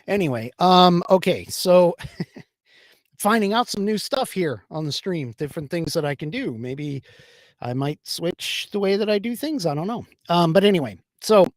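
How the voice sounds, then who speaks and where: A man's voice: high-pitched, expressive, normal speed, no echo, clean studio sound. A man from the United States hosting a livestream political podcast, talking casually and rambling with many fillers and restarts. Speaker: podcast host.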